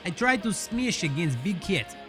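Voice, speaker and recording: A man putting on a goofy male basketball player with a stiff, halting way of greeting. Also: sits high, big pitch swings, a bit bright, soft background music.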